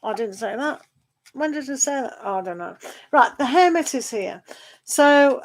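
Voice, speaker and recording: A woman's voice: a little high, lively intonation, normal speed. A woman chatting on a live tarot stream, reading viewer questions aloud. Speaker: tarot reader.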